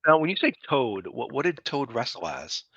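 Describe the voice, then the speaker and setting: A man's voice: medium pitch, sing-song, normal speed, a bit bright, slightly rough, dry recording. A man hosting a casual interview, asking short questions and reacting briefly. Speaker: interview host. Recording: dull lo-fi, dry.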